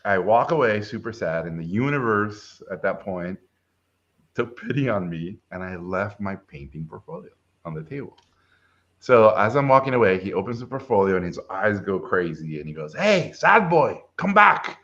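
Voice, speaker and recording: Speaking at a normal speed in a low voice, this middle-aged man is a film director recounting something that happened to him. He's a lively storyteller, performing the voices of everyone involved during the casual interview, which is captured in dull lo-fi sound.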